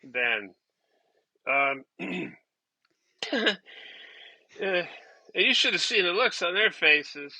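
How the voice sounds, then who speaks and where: A man playing an awkward amateur stand-up comedian who chuckles at his own weak jokes and clears his throat nervously. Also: sits high, very animated, very slow, long pauses, sharp tone, dry recording, exaggerated voice, rough recording. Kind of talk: comedy sketch stand-up bit.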